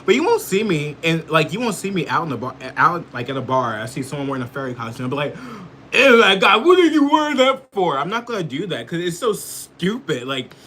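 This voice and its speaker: A man's voice: fairly high pitch, sing-song, fast, hardly any pauses, bright, forceful tone, slight background noise. A man from the United States giving heated, profane political commentary with lots of filler words. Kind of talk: casual ranting commentary.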